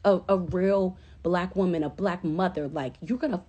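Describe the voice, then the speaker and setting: A woman's voice: lowish voice, unhurried, a little hiss or hum. Rambling, profane woman on a livestream. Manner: profane, rambling and animated, flaring into impassioned outbursts. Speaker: livestream host. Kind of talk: casual chat on a phone livestream. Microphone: phone.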